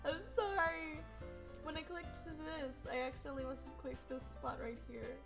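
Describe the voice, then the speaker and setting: A woman's voice: sits high, moderate pace. A young woman live-streaming a game, chatting casually with her viewers, humming and giggling. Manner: giggly, hums tunes, greets chat. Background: game music.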